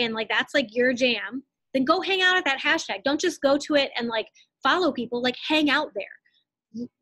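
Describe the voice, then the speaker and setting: A young woman in her twenties coaching her team in a live online training, talking fast and casually with lots of "like"s and blunt asides. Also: high voice, sharp tone, dry recording. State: out of breath.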